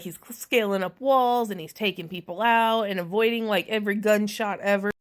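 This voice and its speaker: A woman giving a casual, sarcastic spoiler recap of a movie, chatty and swearing freely with many asides. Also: fairly high pitch. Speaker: movie reviewer.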